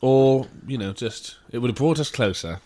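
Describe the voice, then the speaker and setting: A man from England tells a story in loose podcast chat, quick to swear and quick to slip into voices for the people in it. His pitch sits in the ordinary middle for a man. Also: slight background noise. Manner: animated storyteller, swears often, mimics people he describes. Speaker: podcast co-host.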